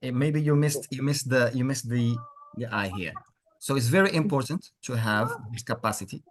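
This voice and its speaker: A man's voice: mid-range voice, normal speed. A man teaching an online English lesson, encouraging and repeating words with frequent praise. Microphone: computer mic on a video call.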